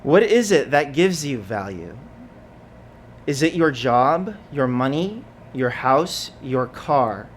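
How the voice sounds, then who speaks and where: A man reading a poem of questions at a pub open mic, slow and emphatic. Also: medium pitch, big pitch swings, a little hiss or hum. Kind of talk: poetry reading.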